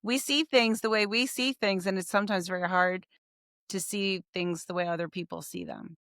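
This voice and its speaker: A woman's voice: mid-range voice, fairly even intonation, normal speed, a bit bright, no echo. Reflective woman hosting, dry close sound. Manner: reflective and enthusiastic, thinking aloud. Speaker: podcast host. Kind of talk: conversational podcast interview.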